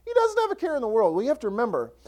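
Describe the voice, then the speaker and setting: Male pastor, lively sermon storyteller, acts out voices, swinging pitch. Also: rapid-fire.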